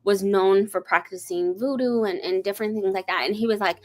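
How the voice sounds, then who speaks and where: A woman talking casually on a stream, telling a long story. She rambles with plenty of ums and likes, her pitch sitting in the middle range. Her delivery is loose and conversational. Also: fairly quick, hardly any pauses. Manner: rambling, animated storytelling with many fillers. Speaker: host. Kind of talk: casual chat.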